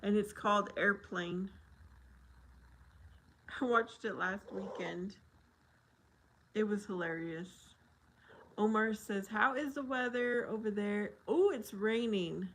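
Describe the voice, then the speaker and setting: A woman hosting a casual livestream, reading viewer comments aloud slowly and laughing often. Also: medium pitch, a bit bright. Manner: slow, drawn-out reading with frequent laughter. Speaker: livestream host.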